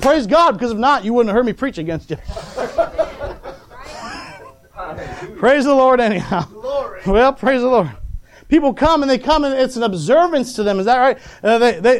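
A man preaching a sermon as pastor, repeatedly asking the congregation for an amen, with chuckling asides. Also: very high-pitched.

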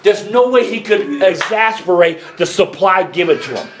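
A man preaching a sermon, building up to fervent, high shouts. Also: big pitch swings, moderate pace, soft background music. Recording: echoey church room.

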